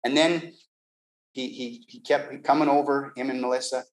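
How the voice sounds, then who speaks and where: A man with a mid-range voice tells a personal faith story. He talks in an animated way, often restarting and repeating words. He slips into the voices of the people he quotes. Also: medium pitch, normal speed, poor audio. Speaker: Christian giving a personal testimony. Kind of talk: storytelling testimony.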